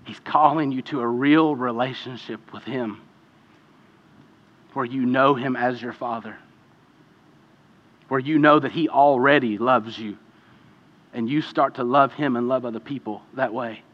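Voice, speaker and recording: A man preaching a sermon as pastor, impassioned and swinging between hushed and loud passages. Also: mid-range voice, steady tone, a little slow, long pauses, lo-fi sound. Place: church sanctuary. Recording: long hall reverb.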